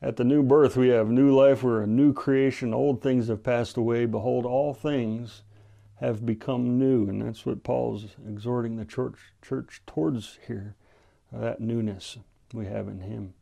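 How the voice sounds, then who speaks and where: Gravelly-voiced man preaching a Bible study. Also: medium pitch, fairly even intonation, warm tone. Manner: measured, earnest preaching with scripture readings. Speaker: pastor. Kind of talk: radio Bible-study sermon.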